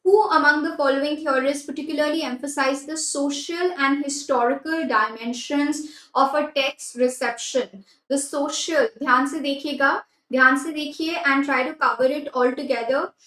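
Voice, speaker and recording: Indian woman teacher, high voice, roomy sound; switches between Hindi and English and repeats key phrases. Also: fairly even intonation, quick pace, a bit bright. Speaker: exam prep teacher. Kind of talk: live online class lesson.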